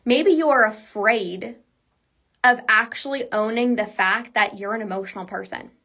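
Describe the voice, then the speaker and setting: Speaking alone on her podcast, a woman who coaches people with binge eating talks at a moderate pace in a fairly high, sharp voice. Her delivery is emphatic and sincere, loose and peppered with "like."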